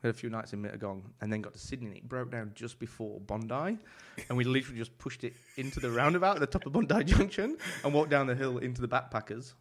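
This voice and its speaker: A man, a chef and podcast guest telling animated anecdotes in a casual chat, full of swearing and restarts. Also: medium pitch, fast talker, hardly any pauses.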